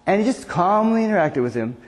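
A man's voice: high voice, sing-song, brisk. Chatty older man preaching in a hall. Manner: chatty storytelling with many restarts. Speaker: pastor. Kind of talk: casual sermon. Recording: echoey hall reverb.

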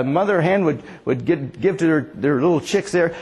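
High-voiced man preaching in a reverberant hall. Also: animated, moderate pace, few pauses. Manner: earnest, chuckling, quotes Jesus in a gentle pleading voice. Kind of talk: sermon.

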